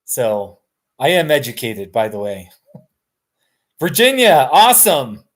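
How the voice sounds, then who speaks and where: Sitting on his couch at home, a weary middle-aged guy from the United States runs a laid-back live stream in a mid-range, sing-song voice at a slow pace. His talk wanders, full of self-deprecation and frequent laughter.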